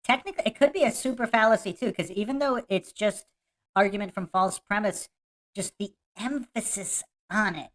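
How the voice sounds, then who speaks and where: This podcast host has a slightly high, animated voice and talks briskly with few pauses. Laughing often and mocking, she goes over a debate clip and reads out chat comments, keeping the live-stream commentary casual.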